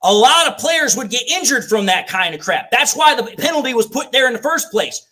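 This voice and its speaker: High-pitched ranting male fan commentator. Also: sing-song, a little fast, pushed and bright. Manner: ranting, swears freely, repeats complaints. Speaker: fan watch-party host. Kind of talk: live play-by-play fan commentary.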